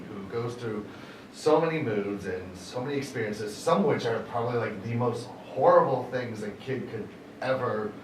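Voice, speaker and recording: A man's voice: on the low side, background noise. A man interviewing a guest at a convention for a fan group, asking questions earnestly and hesitantly, with ums between his phrases. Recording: echoey room, distant mic, background chatter.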